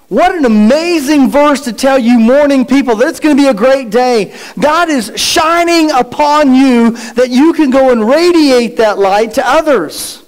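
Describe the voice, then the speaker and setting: A man's voice: very high voice, unhurried, hardly any pauses, rough recording. A middle-aged male pastor preaching a sermon with rhetorical questions and playful asides.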